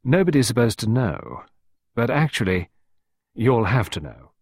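Man playing a pompous secretive official husband, grave and solemn, husky, animated. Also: medium pitch, measured pace, dry recording, pitched above the performer's own voice, full character voice. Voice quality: grave, solemn, self-important.

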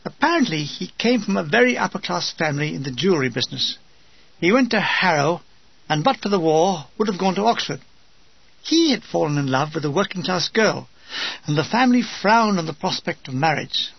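Casting: older British narrator, wry and dry, high husky voice, dull dry lo-fi recording. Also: male voice, expressive, fairly quick, no room sound. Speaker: memoir narrator. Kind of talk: reading a war memoir.

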